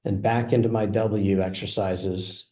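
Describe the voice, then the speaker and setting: A software presenter with a fairly low male voice walks through a product demo, clicking from feature to feature in a relaxed, explanatory, unhurried way. A noticeable roomy echo colors the recording.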